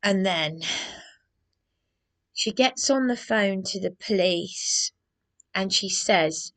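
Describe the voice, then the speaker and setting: A woman's voice: mid-range voice, expressive, slow, pauses often. A woman with an agitated, aggrieved manner, rambling through a personal vlog monologue. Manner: agitated, aggrieved ranting with many restarts. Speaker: vlogger.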